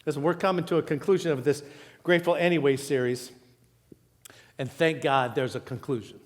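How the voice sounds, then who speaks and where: Pastor, male, a bit high, animated storyteller, live church hall with long reverb. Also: brisk. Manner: storytelling, animated, quotes people in raised voice. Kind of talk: sermon. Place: church auditorium.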